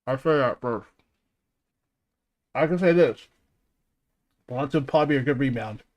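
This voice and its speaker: A man's voice: mid-range voice, a little slow, a little mellow. A man hosting a casual stream podcast, rambling and laughing often, swearing freely and restarting his sentences.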